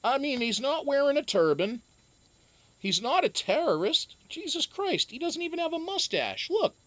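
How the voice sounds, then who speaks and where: A livestream host in loose, casual chat, swearing often and breaking into laughter. The pitch swings widely from low mutters to sudden high exclamations, and the talk is full of ums and restarts. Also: big pitch swings, moderate pace, fairly bright tone, dry recording. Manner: profane, joking, laughs often, trails off with ums. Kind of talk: casual livestream chat, reading viewer comments.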